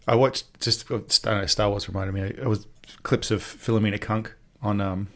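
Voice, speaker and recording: Podcast co-host, man, low gravelly voice, chatty storyteller. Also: fairly even intonation, normal speed, fairly bright tone, a little hiss or hum. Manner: chatty, retells comedy clips with laughter. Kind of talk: casual chat.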